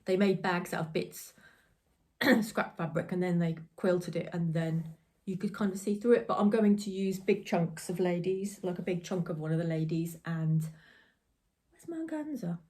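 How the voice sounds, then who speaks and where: A woman's voice: lowish voice, fairly even intonation, moderate pace, mellow. A woman hosting a crafting podcast, chatting in a rambling, giggly way from her home. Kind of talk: casual chat.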